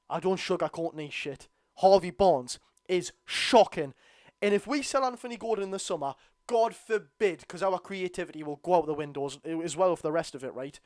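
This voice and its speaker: A young man with a strong Geordie accent rants bluntly through a live football watchalong, exasperated and outspoken. His voice sits high for a man. The recording is dry and close, with no room sound. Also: animated, normal speed, dry recording. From North East England. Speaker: football fan streamer.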